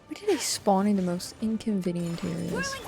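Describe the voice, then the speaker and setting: A woman's voice: medium pitch, wildly swooping pitch, normal speed, vocal fry, music in the background. A woman streamer talking casually while she plays, thinking aloud and swearing offhand. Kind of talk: live-stream gameplay commentary.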